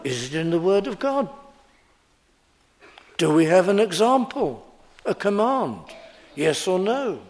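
Slow, emphatic preacher, a man. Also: sits high, big pitch swings, darkish tone. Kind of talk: sermon.

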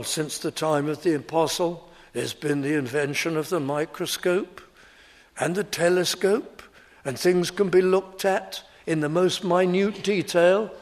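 A male preacher delivers an expository sermon in a slightly raised voice that rises and falls with wide, lively swings of pitch. He keeps an unhurried, deliberate pace and hammers each point home by repeating its key phrases.

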